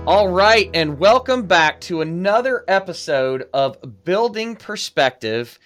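A man's voice: sits high, animated, takes it slowly, a bit bright, faint music behind. A man hosting a podcast, casual and self-deprecating as he opens the episode and chats. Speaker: podcast host. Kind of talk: conversational interview.

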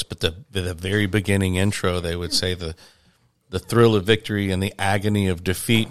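A man's voice: on the low side, a bit bright. Rambling, jokey middle-aged man. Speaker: podcast co-host. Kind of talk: casual chat.

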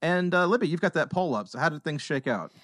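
A woman's voice: deep voice, lively intonation, quick pace, no echo, clean studio sound. A woman hosting a casual podcast chat, wry and loose, swearing now and then. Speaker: podcast host.

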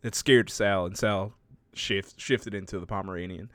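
A man's voice: low voice, steady tone, moderate pace, a bit bright, no echo. A man casually recapping a story with a co-host, laughing often and swearing freely.

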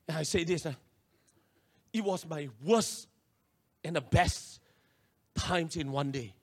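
A man with a Singaporean English accent, preaching a sermon as a pastor and telling a personal story in an animated way with local slang. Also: on the high side.

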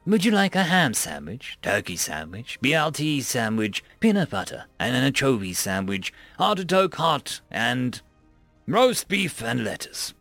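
A man's voice: mid-range voice, big pitch swings, a little slow, gravelly, fairly bright tone, no room sound, soft background music, voice pushed down, heavily acted. A man doing a smug, polite food-dispenser machine. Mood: prim. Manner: prim, customer-service politeness, sly. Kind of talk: story narration.

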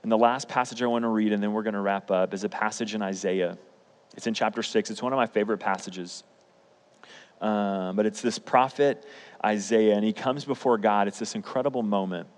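A man's voice: fairly low pitch, fairly even intonation, brisk. A young man preaching a sermon, telling personal stories in a casual, emphatic way. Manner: storytelling, conversational, emphatic. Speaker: pastor. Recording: hall reverb.

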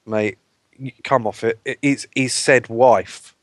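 A man's voice: mid-range voice, fairly even intonation, slow, dry recording. A man co-hosting a casual podcast, bantering crudely and reading listener letters aloud.

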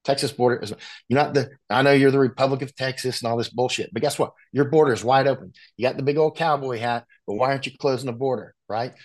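A war correspondent from the United States, guesting on a casual chat, speaks bluntly and quickly at medium pitch. He frequently restarts his thoughts and adds lively asides.

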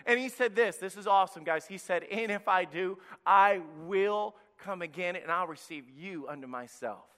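Pastor type, male, high and bright, lively preaching, long reverb. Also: normal speed, few pauses. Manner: energetic, preachy, drops to a hush for emphasis. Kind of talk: children's sermon.

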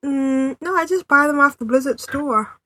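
A woman's voice: sits high, moderate pace, pushed and bright, no echo. A woman hosting a podcast, chatting casually with many fillers and frequent laughs. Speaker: podcast host. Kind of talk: casual chat. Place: home in New England city.

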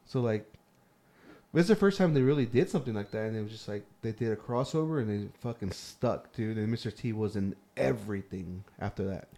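A man's voice: fairly low pitch, animated, brisk, mellow. A man co-hosting a podcast, rambling casually with slang and swearing. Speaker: podcast co-host. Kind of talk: casual chat.

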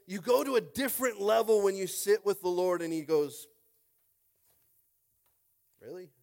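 Male pastor, sermon, animated, call-and-response asides, loud to hushed, fairly high voice. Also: brisk, vocal fry.

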